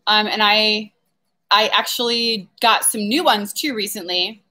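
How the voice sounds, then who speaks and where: A woman's voice: medium pitch, measured pace, sharp tone. A woman flower farmer chatting on a casual live stream, reading viewer comments aloud and laughing often as she rambles.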